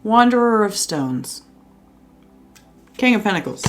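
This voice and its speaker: A woman's voice: mid-range voice, big pitch swings, a little slow, a little hiss or hum. A woman giving a casual tarot reading at home, chatty and reassuring, with lots of fillers. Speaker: tarot reader. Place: indoors at home by a window.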